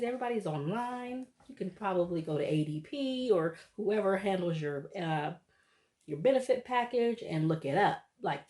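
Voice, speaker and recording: A woman's voice: mid-range voice, mellow. A woman casually recapping a reality TV episode, chatty and laughing often as she acts out what people said.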